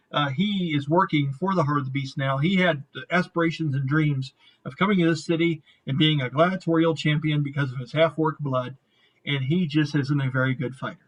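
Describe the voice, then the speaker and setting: A man's voice: fairly high pitch, a bit bright, poor audio. A man acting as game master, narrating a tabletop game in a casual, rambling way and swearing now and then.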